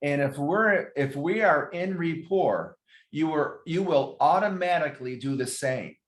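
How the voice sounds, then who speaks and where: A man's voice: on the high side, a little slow, echoey room. A man teaching a real estate training class, explaining step by step, with fillers and self-corrections along the way.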